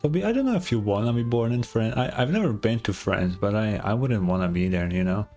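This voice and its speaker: A man's voice: fairly low pitch, animated, fast talker, a little mellow, soft background music. A man from Europe streaming a game, rambling casually and repeating himself as he answers chat. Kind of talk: casual live-stream commentary.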